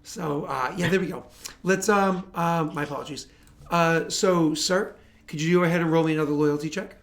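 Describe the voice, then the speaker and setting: Chatty game master, fairly high. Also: male voice, normal speed. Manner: chatty, rambling, lots of fillers and laughter. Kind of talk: running a tabletop game on stream, casual banter.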